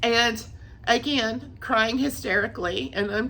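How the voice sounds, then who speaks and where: Bright-voiced woman, earnest and tearful. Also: mid-range voice, measured pace, a little hiss or hum. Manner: earnest, tearful, repeats herself. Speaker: vlogger sharing a faith testimony. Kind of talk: emotional personal testimony.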